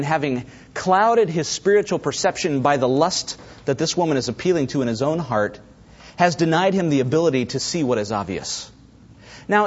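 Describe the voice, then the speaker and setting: Husky animated man preaching a sermon. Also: a little high, lo-fi sound. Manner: animated, acts out quoted voices, talks directly to congregation. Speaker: pastor.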